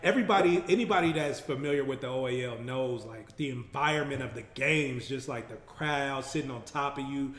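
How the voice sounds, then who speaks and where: A man hosting a casual chat, relaxed and agreeable. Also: mid-range voice, a little fast, hardly any pauses, echoey room. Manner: relaxed, agreeable, laughs along. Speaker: podcast host.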